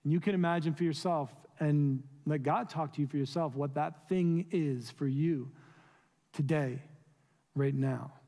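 A man's voice: on the high side, unhurried, dark tone. Earnest preacher man in a reverberant sanctuary. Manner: earnest, pleading, rhetorical questions. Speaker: pastor. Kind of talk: sermon. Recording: long reverb of a large room.

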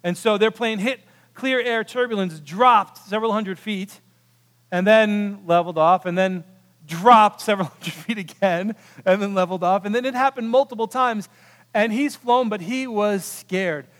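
Man, pastor, sermon, high-pitched, storytelling, loud to hushed, long hall reverb. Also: normal speed. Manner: storytelling with animated quotes and big shifts from loud to hushed.

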